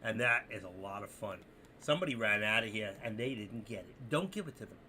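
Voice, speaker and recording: A man hosting a live trading stream, talking to viewers in an excitable, rambling, joking way. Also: fairly low pitch, fairly quick, slight background noise. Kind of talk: casual live-stream commentary.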